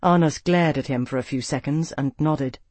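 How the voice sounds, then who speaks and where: A man narrating a fantasy audiobook in a steady storytelling manner. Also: fairly high pitch, moderate pace, dry recording. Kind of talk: scripted narration.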